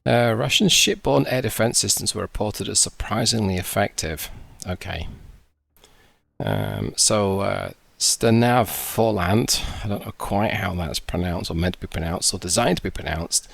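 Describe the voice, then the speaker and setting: A man's voice: low voice, moderate pace, gravelly, fairly bright tone, breathy edge, no room sound. A man commenting on a game, reading briefings aloud and adding dry, sarcastic asides. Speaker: gaming YouTuber. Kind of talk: casual gameplay commentary.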